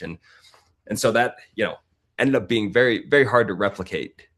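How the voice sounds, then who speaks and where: A man in his forties, a podcast guest, telling a personal story in a casual, animated way and acting out other people's lines. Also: lowish voice, brisk. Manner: animated, acts out the voices of people in his stories.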